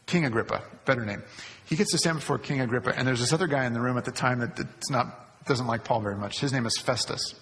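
A man's voice: mid-range voice, quick pace, fairly bright tone. A male pastor preaching a sermon, repeating key phrases for emphasis. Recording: long hall reverb.

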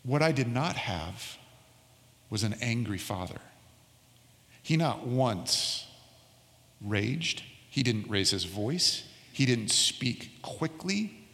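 A middle-aged male pastor delivers a sermon in a mid-pitched voice, weaving a childhood story into scripture. He slows right down on the words he wants to land. The sound carries a long reverb of a church hall. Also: lively intonation, vocal fry, fairly bright tone.

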